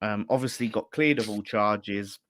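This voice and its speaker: A man's voice: on the low side, normal speed, a bit bright, no room sound, studio quality. A man hosting a fan channel, chatting casually about football and reading out viewer messages. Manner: chatty, laughing, banter with co-host. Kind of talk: casual chat.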